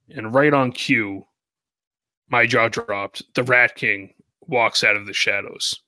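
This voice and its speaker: A man with a bright, forceful voice recounts a cartoon plot beat by beat, tossing in jokey asides. His delivery is casual chat, recorded dry and close. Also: mid-range voice, steady tone, dry recording. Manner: narrates plot with jokey asides and quick impressions. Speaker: podcast co-host recapping the episode.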